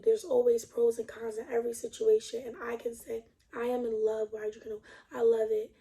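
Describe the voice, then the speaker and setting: A woman's voice: on the high side, flat delivery, brisk, creaky, few pauses, warm tone. A young adult woman vlogging at home, chatting casually and demonstrating a product, rambling and laughing often. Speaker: beauty vlogger. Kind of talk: casual chat and product demo.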